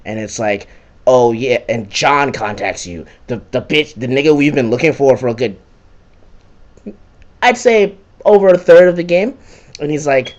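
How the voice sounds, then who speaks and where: A man's voice: mid-range voice, expressive, moderate pace, dull audio. A young man giving a casual, profane and sarcastic rant recapping a video game.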